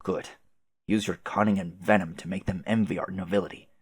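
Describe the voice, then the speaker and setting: A man voicing a stiff, formal, muscular teenage boy troll aristocrat who speaks quietly and precisely. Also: low-pitched, steady tone, a little fast, slightly rough, no echo, heavily acted.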